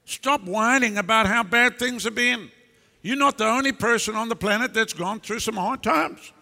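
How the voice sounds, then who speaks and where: A man's voice: high voice, moderate pace, gravelly, pushed and bright. A male pastor preaching a sermon in a large church, blunt and emphatic, breaking into scolding bursts. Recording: long hall reverb.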